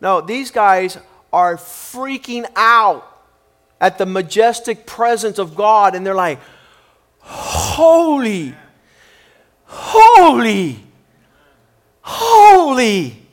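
Pastor, male, high voice, preaching with emphatic, repetitive force. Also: slow, sharp tone. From Cuban upbringing. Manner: emphatic, repetitive, building in intensity. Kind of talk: sermon.

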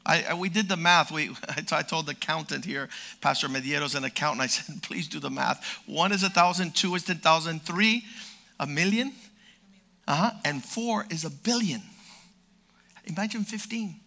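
Pastor guy, high bright voice, goes from quiet asides to shouting, jokey storyteller. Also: moderate pace, vocal fry. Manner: energetic, swings from quiet asides to loud exhortation; storytelling with playful humor. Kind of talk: sermon.

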